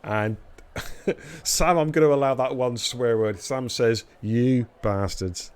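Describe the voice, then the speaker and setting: A man's voice: mid-range voice, unhurried, clear, resonant tone. A man hosting a racing league live stream, bantering and teasing the drivers in casual commentary. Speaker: race league host.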